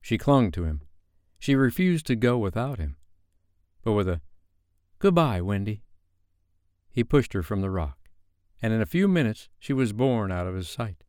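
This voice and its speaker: Smooth, low male bedtime storyteller. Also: very animated, normal speed, darkish tone, no room sound, clean studio sound.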